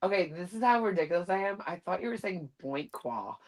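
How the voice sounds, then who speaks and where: A woman guest in a casual online chat, self-deprecating and animated, quick to laugh. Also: fairly low pitch, crowd noise. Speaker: panel guest.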